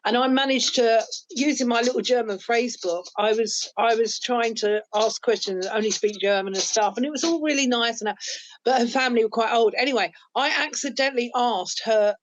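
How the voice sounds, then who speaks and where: A woman's voice: fairly high pitch, dry recording, muffled recording. A woman, telling self-mocking stories as a podcast host chatting with her adult children. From London, England. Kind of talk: casual storytelling chat.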